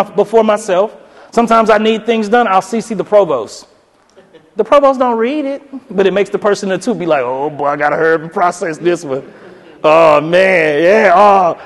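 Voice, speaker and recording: Guy from doing a lively keynote, does voices for the quotes, long echo like a big hall. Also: sits high. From South Louisiana. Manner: animated, acts out voices in quoted dialogue, casual Southern phrasing. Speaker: keynote speaker, professor. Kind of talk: energetic storytelling keynote. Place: lecture hall.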